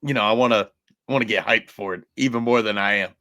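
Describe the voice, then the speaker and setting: Laid-back man with a lowish voice. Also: fast talker, crowd noise. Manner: relaxed, laughs often. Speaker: podcast co-host. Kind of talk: casual chat.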